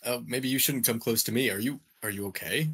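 A man's voice: mid-range voice, a little fast, a bit bright, breathy edge. A man playing his character in a tabletop game, playful and joking. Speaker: player. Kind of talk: tabletop role-play.

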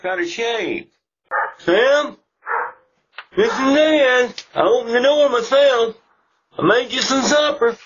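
A man's voice: very high voice, expressive, takes it slowly, pauses often, fairly bright tone, husky, full character voice. A man voicing a whiny, begging father pleading outside a locked door, in a comedic meme video, recorded as muffled lo-fi audio with faint music. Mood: coaxing.

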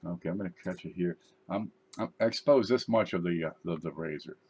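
A man's voice: sits low, a little fast, very noisy. A man hosting his channel, chatting casually and joking while opening mail. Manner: joking, rambling, tall tales. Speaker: YouTube channel host. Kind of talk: casual unboxing chat.

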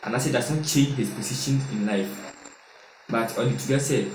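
A man's voice: medium pitch, a little fast, distant mic, noisy background. A man with a Ghanaian accent presenting news commentary, reading out quoted statements and then explaining them. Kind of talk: news commentary mixing Twi and English. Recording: roomy echo from off-mic, faint ambience.

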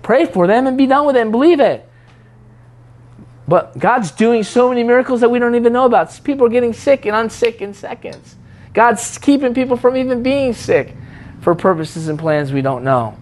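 A man's voice: high-pitched, animated, moderate pace, pauses often, a little mellow. A man preaching a sermon in a conversational way, teasing and mimicking what others say in prayer.

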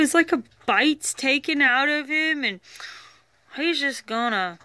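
A woman's voice: high voice, animated, measured pace, pushed and bright. A woman chatting casually as she unboxes toys, rambling and thinking aloud. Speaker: toy reviewer.

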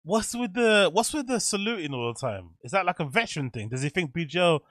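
A man's voice: fairly high pitch, sing-song, fast talker, fairly bright tone, no room sound, studio quality. A man streaming casual reaction commentary, incredulous and laughing often.

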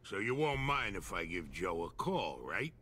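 An actor playing a shrewd middle-aged dockside crime boss who talks in a streetwise, persuasive way. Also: male voice, low voice, very animated, unhurried, sharp tone, a little hiss or hum, heavily acted. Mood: scheming.

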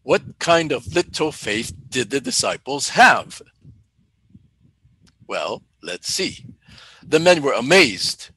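A man teaching a Bible lesson in a deliberate way, asking questions and then answering them himself. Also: mid-range voice, big pitch swings, pushed and bright, slight background noise, low-quality recording. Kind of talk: teaching sermon.

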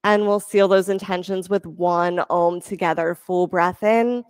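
A woman yoga instructor giving calm, encouraging cues for breath and poses during a class. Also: lowish voice, a little slow, clear, resonant tone, no room sound.

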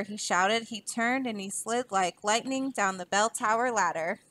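A woman, a teacher, reading a children's storybook aloud with lively expression. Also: mid-range voice, measured pace, no room sound.

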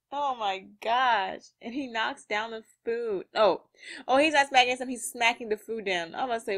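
A woman reading a manga aloud and reacting to it in a lively, slangy way, laughing often. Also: fairly high pitch, unhurried.

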